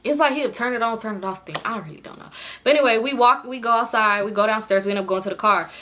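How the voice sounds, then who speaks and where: A young woman spins a casual storytime in a bright, forceful voice pitched a little high. She talks in slang and acts out everyone she quotes. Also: quick pace, a little hiss or hum. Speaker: storytime YouTuber.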